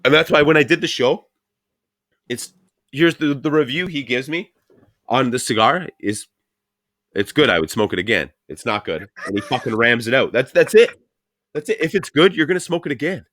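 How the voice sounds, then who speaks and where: A man's voice: fairly high pitch, lively intonation, moderate pace, a bit bright, dry recording, studio quality. A man hosting a podcast, ranting bluntly in casual chat with lots of swearing. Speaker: podcast host.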